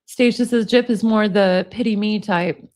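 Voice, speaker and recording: An American woman in her forties hosts a casual live-stream, chatting, reading viewer comments aloud and laughing often. Her medium-pitched voice is steady in tone, a little mellow, at a normal speed.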